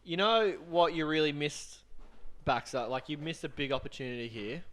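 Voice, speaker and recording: A man's voice: a little high, animated, moderate pace, a bit bright, slight background noise. A young man on a casual podcast, joking crudely and swearing a lot. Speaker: podcast co-host. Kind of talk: casual banter among friends.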